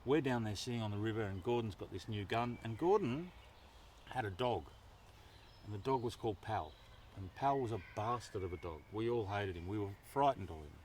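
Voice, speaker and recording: A man telling a story live outdoors in a forest to an audience, animated and swearing freely. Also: fairly low pitch, fairly quick, a little hiss or hum.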